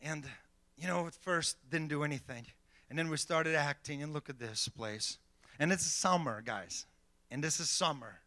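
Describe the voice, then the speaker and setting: A man's voice: on the high side, moderate pace, bright, forceful tone, no echo. A middle-aged man preaching a sermon as pastor, emphatic, checking in with the congregation with repeated "okay?" and "amen.".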